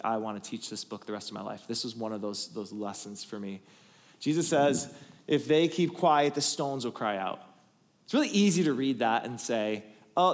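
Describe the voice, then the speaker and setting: Preaching to a congregation in a large hall, a male pastor with a mid-range voice recounts a story through animated build-ups that shift between loud emphasis and quiet asides.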